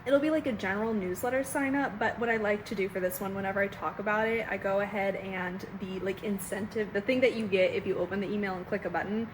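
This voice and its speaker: A young woman vlogging casually from her home kitchen, talking into a handheld phone camera in quick, chatty bursts full of "oh my God". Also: medium pitch, steady tone, background noise. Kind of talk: casual vlog chat.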